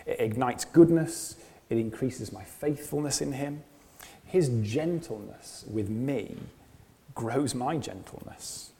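Guy preaching, slow and earnest, lots of repeated lines and questions, long hall reverb. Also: medium pitch, vocal fry, mellow. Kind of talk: sermon.

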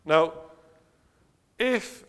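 Speaking extremely slowly in a fairly bright tone, a man gives a sermon that is earnest and searching, full of rhetorical questions for the congregation. The audio carries a long hall reverb.

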